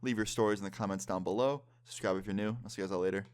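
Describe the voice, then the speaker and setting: A man's voice: lowish voice, fairly even intonation, very fast, darkish tone, clean tone. A man in his twenties telling a story-time vlog in a casual way, swearing often. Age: 20s. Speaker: vlogger.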